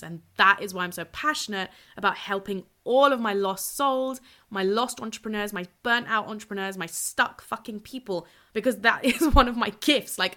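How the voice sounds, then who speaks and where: Bright, blunt woman podcasting solo. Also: mid-range voice. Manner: blunt, swears freely, energetic and chatty. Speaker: podcast host and purpose coach.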